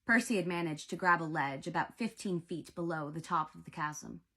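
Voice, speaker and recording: A woman's voice: on the low side, moderate pace, sharp tone, slightly rough. A woman reading a novel aloud with dramatic, varied pacing. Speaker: audiobook reader. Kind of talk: expressive book narration.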